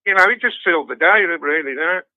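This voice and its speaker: An older man chats casually and tells his stories in a high voice, with swearing and frequent laughter all through. The sound is thin and dry, like a phone line. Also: animated, quick pace, no echo. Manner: swears constantly, storytelling with laughs. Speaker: guest fan. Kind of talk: casual chat.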